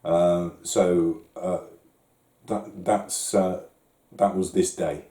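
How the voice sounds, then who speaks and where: A man talks slowly and haltingly, stumbling and restarting as he goes. His voice is very deep and dark, with a roomy echo around it. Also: little pitch movement. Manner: hesitant, many restarts and fillers. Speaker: vlogger. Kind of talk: reflective talk to camera.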